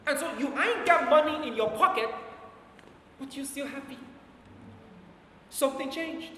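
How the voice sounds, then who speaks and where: A man preaching a sermon, driving his points home and slowing down to dwell on scripture, with his volume rising and falling. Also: very high voice, sharp tone, slight background noise. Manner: emphatic, slows down for scripture quotes, volume rises and falls. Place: church hall with long reverb. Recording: echoey church hall from far off.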